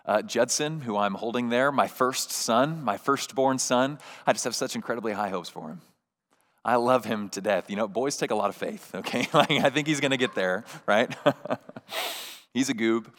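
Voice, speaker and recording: A man's voice: mid-range voice, moderate pace. A man in his thirties preaching a sermon as pastor, talking in an earnest, conversational way with many restarts and little asides to the congregation. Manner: laughs warmly while telling stories.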